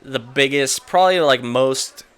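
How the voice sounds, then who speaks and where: A man's voice: mid-range voice, measured pace, a bit bright. A man talking casually about video games, rambling with lots of fillers and restarts. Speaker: podcast co-host. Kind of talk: casual gaming chat.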